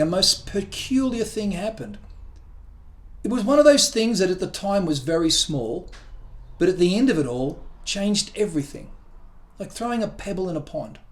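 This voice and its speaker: A man reading his own short story aloud in a gentle, wry, leisurely storytelling manner. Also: a little high. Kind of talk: storybook narration.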